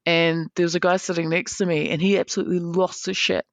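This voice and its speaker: A woman tells a long story as a podcast guest, with a gravelly, fry-edged voice. She talks casually and acts out the people she quotes in lively bursts. The sound is dry and close, with no room echo. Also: fairly low pitch, fast. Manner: animated, swearing freely, acting out quoted people.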